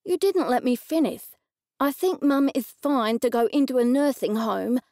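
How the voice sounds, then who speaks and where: A woman's voice: high voice, normal speed, a little mellow, no room sound, studio quality. A woman voicing a smug, patronizing grown son in an audiobook, coaxing his mother in a sing-song way.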